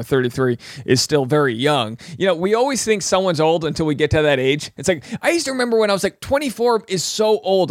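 Joking man with a bright voice. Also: fairly high pitch, no echo, studio quality. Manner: jokey, rambling, does quick mock voices for quotes. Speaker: podcast host recapping a reality show. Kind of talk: comedic show recap.

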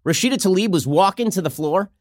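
A man hosting a political commentary show, talking fast with a sarcastic, mocking manner. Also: high-pitched, expressive, dry recording, clean studio sound. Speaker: host.

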